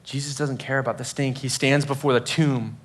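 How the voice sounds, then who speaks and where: A man's voice: medium pitch, steady tone, a little fast. A man preaching a sermon to students in a casual, conversational way, full of fillers and acted-out quotes. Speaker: youth pastor.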